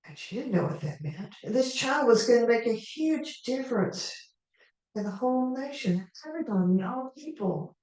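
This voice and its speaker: Mellow-voiced woman telling a story in a roomy hall. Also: a little high, animated. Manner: unhurried, conversational, with asides to the audience. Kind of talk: live first-person storytelling in character. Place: live performance venue. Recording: echoey hall, mic far off.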